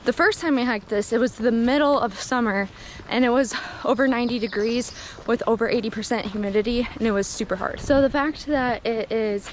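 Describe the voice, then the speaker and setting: A chatty young woman with a mixed Minnesota and Southern accent and a slightly high voice talks to the camera on a forest trail. She laughs often, and a little outdoor noise sits faintly behind her. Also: a little fast. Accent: mix of Minnesota and Southern US. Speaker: hiking vlogger. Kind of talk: casual vlog chat on a trail.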